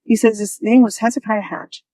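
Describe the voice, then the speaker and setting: A woman telling her own story as an interview guest, lively and often laughing, acting out the voices she quotes. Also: fairly high pitch, normal speed, no room sound, poor audio.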